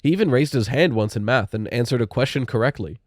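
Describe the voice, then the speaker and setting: A man narrating a spooky young-adult audiobook in a steady, measured storytelling manner. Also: medium pitch, no echo, studio quality.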